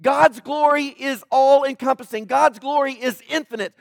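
Emphatic high-voiced male preacher. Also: dry recording, studio quality. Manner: emphatic, swinging between loud and hushed. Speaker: pastor. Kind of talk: sermon.

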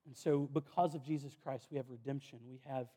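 A man's voice: medium pitch, steady tone, brisk, warm tone. A man, preaching a sermon in an earnest, conversational way with self-deprecating asides. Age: 30s. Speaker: pastor.

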